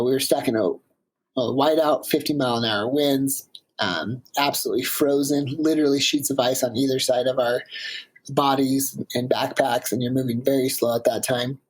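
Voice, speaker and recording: Husky, animated male storyteller. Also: mid-range voice, rough recording. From Washington State, USA. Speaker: guest, climber. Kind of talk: casual storytelling interview.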